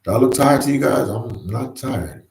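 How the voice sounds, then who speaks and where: A man's voice: medium pitch, expressive, moderate pace, darkish tone, echoey room, rough recording. A man hosting a casual livestream, reading viewer comments and chatting in an easygoing way, repeating himself and often saying "man". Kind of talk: casual live chat. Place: New York.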